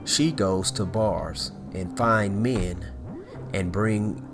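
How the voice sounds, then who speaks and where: A man casually recapping a horror movie, animated and excitable, full of fillers and asides. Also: lowish voice, very slow, music in the background. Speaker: movie reviewer.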